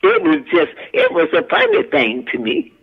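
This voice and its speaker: A woman's voice: sits high, huge pitch swings, normal speed, vocal fry, phone-quality sound. An older woman, a guest actress and singer, telling stories from her career in a folksy, country-spoken way. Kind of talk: casual storytelling interview.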